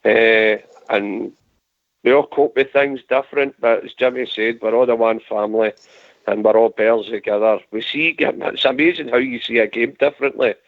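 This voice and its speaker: A man's voice: medium pitch, steady tone, normal speed, no room sound. A Scottish man hosting a fan radio phone-in, talking in an earnest, rambling way and repeating his phrases. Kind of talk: casual fan radio chat. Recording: dry tinny phone-line audio.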